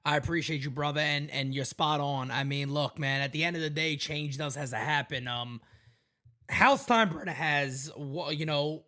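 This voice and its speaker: A man's voice: fairly high pitch, moderate pace, sharp tone. A man hosting a sports talk podcast, making his points emphatically and repeating them for weight. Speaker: host.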